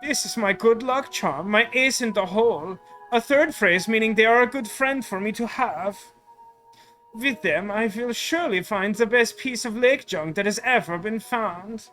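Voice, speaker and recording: A man's voice: sits high, moderate pace, bright, forceful tone, faint music behind. A man voicing a grandiose male German tourist with a put-on German accent. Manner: pompous daydreaming monologue.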